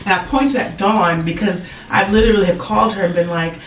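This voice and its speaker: A woman's voice: mid-range voice, brisk. A woman speaking candidly and reflectively in a casual chat. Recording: echoey room, distant mic, noisy.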